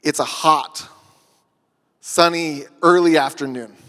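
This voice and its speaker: An earnest man speaking at a conference workshop, his voice high and clear. He tells stories with deliberate pauses, and the sound carries a long hall reverb. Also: fairly bright tone.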